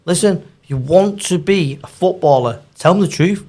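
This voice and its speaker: A man, a football agent chatting in an interview, telling animated stories. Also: sits high, moderate pace. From Manchester, England. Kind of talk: casual storytelling interview.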